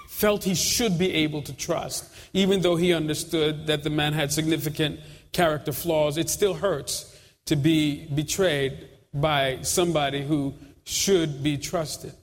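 A man preaching a sermon, his fairly high voice building through repeated phrases. He speaks steadily and emphatically. The sound rings with a long reverb, as if heard in a church sanctuary.

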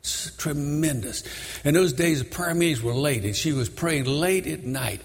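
An older man preaching a sermon, telling the story dramatically and shouting high when he voices its characters. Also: expressive, normal speed, slightly rough. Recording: long reverb of a large hall.

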